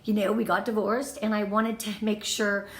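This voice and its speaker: A woman's voice: medium pitch, normal speed. A woman in her fifties from Southern California, giving an effusive, emotional motivational talk as a team leader on a live video stream. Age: 50s. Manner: bubbly, effusive, emotional and lively. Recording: echoey room.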